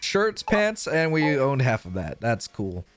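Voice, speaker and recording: A man's voice: medium pitch, big pitch swings, unhurried, faint music behind. A young man streaming live, rambling through a profane, self-mocking story and losing his train of thought.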